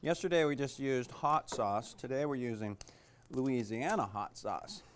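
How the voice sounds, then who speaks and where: A man's voice: medium pitch, a little slow, slight background noise. A man teaching a cooking class in a kitchen, chatty and joking, with lots of fillers. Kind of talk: casual cooking demonstration.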